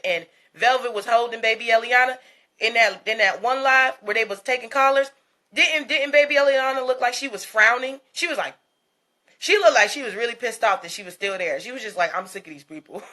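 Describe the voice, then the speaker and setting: Woman, commentary host, bright voice, profane, mocking, laughing, blunt rant. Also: a little high, fairly quick.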